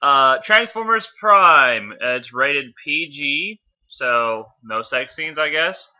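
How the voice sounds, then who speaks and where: A man reads a fanfic aloud in a casual, offhand way, tripping over words and fixing them as he goes. His voice is very bright, and the recording sounds dull and lo-fi. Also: on the high side, lively intonation, slow. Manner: offhand, stumbles and corrects himself. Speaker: fanfiction reader.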